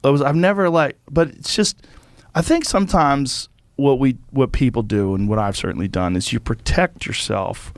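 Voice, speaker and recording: Profane, animated podcast host. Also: male voice, medium pitch, normal speed, no echo. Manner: profane, animated, acts out voices in stories. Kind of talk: casual chat. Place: podcast studio.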